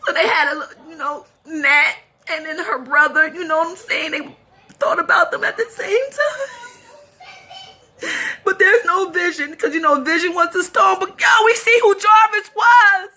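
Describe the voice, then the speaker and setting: A high-pitched woman with a bright, sharp voice gives a casual film review on her vlog. She cries as she talks, sobbing and laughing in turns. She rambles on like an excited fan. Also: normal speed. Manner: tearful, talks through sobs and laughs. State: crying.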